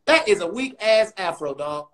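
A man with a strikingly high voice runs a profane comic roast on a livestream. He talks loudly and mockingly, firing one insult after another at the person he is arguing with. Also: animated, low-quality recording. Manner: loud, mocking, rapid insults. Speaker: comedian host.

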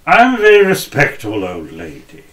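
A man's voice: medium pitch, wildly swooping pitch, moderate pace, a bit bright, echoey room. A man voicing a selfish, respectable old woman who protests and clings to what is hers, in a sermon story. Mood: indignant.

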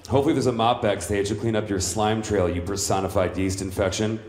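A man's voice: fairly low pitch, steady tone, fast talker, a little mellow, lightly acted. A man playing a boastful, vain macho villain at a live stand-up roast, brash and crudely insulting everyone in turn. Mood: smug. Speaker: roast comedian in character. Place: comedy club stage. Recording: roomy club sound.

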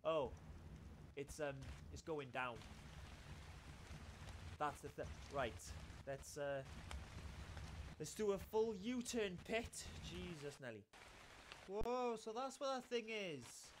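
Man, gaming commentary, excitable, swears a lot, animated pitch, noisy background. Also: slow pace, pauses often. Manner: excitable, swears and exclaims often. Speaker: gaming YouTuber. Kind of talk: let's-play commentary.

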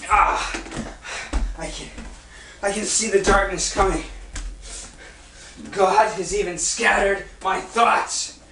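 Job, an afflicted man crying out in anguish, played by a man in a stage play. The voice is slow and bright, heard from far off in an echoey room with faint noise. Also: high-pitched, fairly even intonation, exaggerated voice. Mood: pleading.

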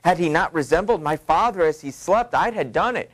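A man's voice: fairly high pitch, lively intonation, brisk, a bit bright. A man voicing a scheming, bold and impatient noblewoman, reading her lines in a raised, emphatic voice. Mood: anxious.

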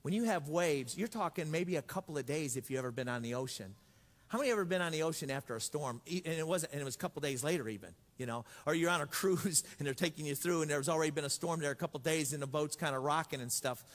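A man's voice: on the high side, fast talker, big-room sound. A man preaching a sermon as pastor, telling stories with jokes and acting out voices. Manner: storytelling, joking, acts out voices.

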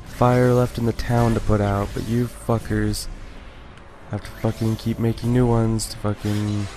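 A man's voice: lowish voice, flat delivery, a little slow, dark tone. A young man doing let's play commentary, swearing constantly and ranting in exasperation at the game. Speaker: gaming YouTuber. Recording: faint game music behind. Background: game music.

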